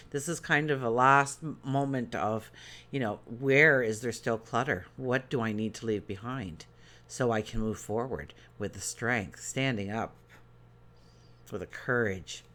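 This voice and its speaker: Delivering a daily tarot reading, this man sounds choked up as he talks to his viewers in an earnest, meandering way, restarting often and leaning on fillers. His medium-pitched voice has a fairly bright tone.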